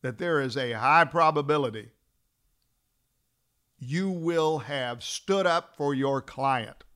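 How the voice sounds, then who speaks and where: A man teaching fellow trial lawyers, telling a story and acting out the dialogue, then slowing down to stress his key points. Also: mid-range voice. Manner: acts out dialogue in a lively storytelling way. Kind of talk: storytelling lecture.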